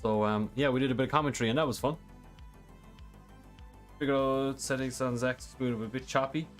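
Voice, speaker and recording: A man's voice: medium pitch, fairly even intonation, fairly quick. Casual guy streaming a racing sim, lots of ums, faint music behind. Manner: casual, rambling, many fillers. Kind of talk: live game stream, reading chat.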